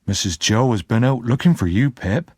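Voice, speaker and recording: A man voicing a big, gentle, simple blacksmith who speaks kindly. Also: mid-range voice, lively intonation, normal speed, husky, no echo, clean studio sound.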